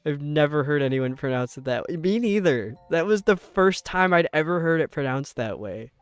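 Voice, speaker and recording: Soft music plays behind a young male game streamer whose fairly high, expressive, smooth voice shows a light upstate New York accent. He rambles casually with viewers and laughs quickly, and there's no room sound.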